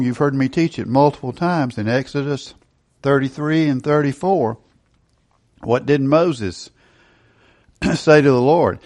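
A middle-aged male pastor preaching a sermon, emphatic and asking rhetorical questions. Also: fairly high pitch.

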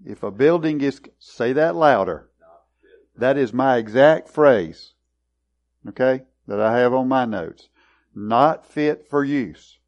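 Male Bible study teacher, slow and methodical, clears throat often, dull lo-fi recording. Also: medium pitch, expressive, darkish tone. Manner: deliberate, explanatory, often clears his throat.

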